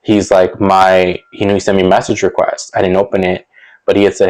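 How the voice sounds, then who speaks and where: A man's voice: sits low, monotone, brisk, a little mellow, poor audio. A young man telling a personal story in a casual monologue, rambling with lots of fillers and restarts and chuckling now and then. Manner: chuckles between sentences. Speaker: storytelling vlogger.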